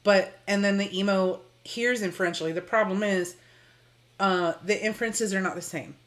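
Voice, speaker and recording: A woman's voice: medium pitch, normal speed, fairly bright tone. A woman co-hosting a podcast in casual chat, explaining ideas with psychology terms. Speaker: podcast co-host.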